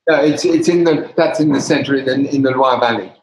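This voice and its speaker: A man's voice: mid-range voice, fairly quick. An older man from Britain, a wine bar owner, chatting as an interview guest, often restarting his sentences. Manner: hesitant, many restarts and fillers. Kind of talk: casual interview. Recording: roomy echo.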